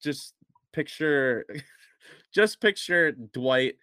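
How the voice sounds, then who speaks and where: A man's voice: a little high, expressive, extremely slow, sharp tone, smooth, no room sound, studio quality. A man co-hosting a podcast in casual chat, rambling a bit and chuckling between phrases. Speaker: podcast co-host.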